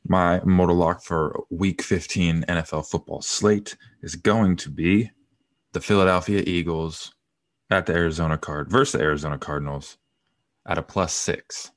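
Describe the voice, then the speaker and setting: A man co-hosting a sports podcast, talking in a relaxed, casual way. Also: low voice, normal speed, no room sound, clean studio sound. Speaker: podcast co-host.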